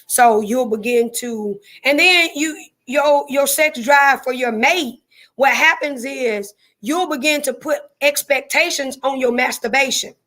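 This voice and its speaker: High-voiced woman with a Southern drawl. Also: a little slow, fairly bright tone. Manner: folksy, repeats herself, greets viewers by name. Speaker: live stream host. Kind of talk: casual live-stream chat with viewers.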